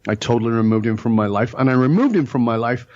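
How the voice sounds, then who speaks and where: A man's voice: mid-range voice, expressive, fast talker, darkish tone, highs cut off. A middle-aged man telling stories as a podcast guest, emphatic and blunt, with the occasional curse word. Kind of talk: storytelling in a podcast interview.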